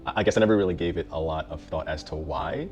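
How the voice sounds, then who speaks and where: A middle-aged man with a very low, deep voice speaks in an easygoing, reflective way, pausing on fillers and restarting sentences. Soft music plays faintly behind him. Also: highs cut off. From the Bronx, New York. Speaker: mental health therapist. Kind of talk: casual introductory talk.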